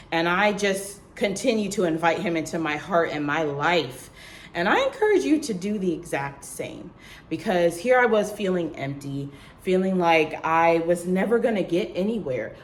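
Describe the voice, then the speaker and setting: A young woman vlogging to the camera in casual chat, telling a lively story and acting out what others said in a higher voice, checking in with "okay?" as she goes. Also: slight background noise. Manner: animated storytelling, acts out quotes in a high voice; talks straight to viewers, tags lines with "okay?" and "girl".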